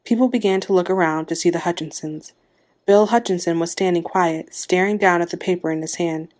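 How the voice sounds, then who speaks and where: A woman's voice: lowish voice, fairly even intonation, a little fast, a little mellow. A woman narrating a short story, reading aloud and giving the characters' lines small shifts of voice.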